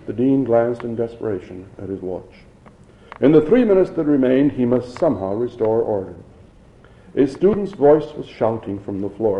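A man narrates an audiobook in a steady, measured way. His voice sits at an ordinary middle pitch. The recording is dull and lo-fi.

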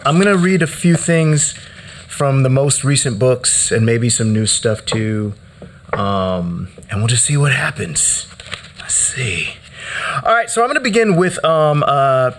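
A man's voice: medium pitch, slight background noise. Chanting, stammering poet, a man. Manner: rhythmic chanting with stuttered repetitions, hushes and sudden shouts. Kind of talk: live poetry reading. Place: hall.

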